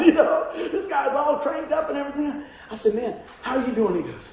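A man telling a folksy, animated testimony story as a preacher, often laughing and acting out the voices in his story. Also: very high voice, a little fast. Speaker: evangelist preacher. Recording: heavily echoing hall with faint ambient noise.

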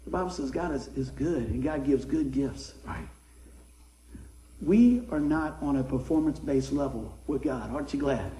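A middle-aged man preaching a folksy sermon, swinging from soft asides to excited shouts. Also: medium pitch, normal speed, reverberant, slight background noise, poor audio. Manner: folksy, animated, rises to excited shouts then drops soft. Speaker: pastor. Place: church sanctuary.

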